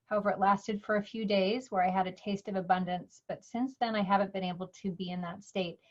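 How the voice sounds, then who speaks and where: A woman moderating a session, reading out audience questions in a plain, measured way. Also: medium pitch. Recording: dull lo-fi sound.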